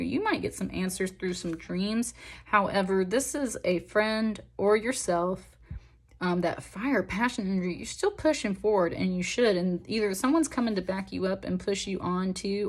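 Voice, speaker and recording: A young woman giving a pick-a-pile tarot reading in an earnest, emotional, encouraging way, rambling with fillers. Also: mid-range voice. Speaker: tarot reader.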